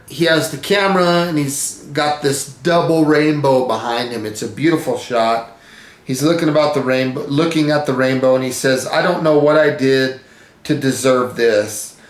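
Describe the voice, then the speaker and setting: A man's voice: fairly high pitch, reverberant. A man giving a casual, enthusiastic recap of a TV episode, often exclaiming in amazement. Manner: enthusiastic, exclaims "holy smokes". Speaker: show recap host.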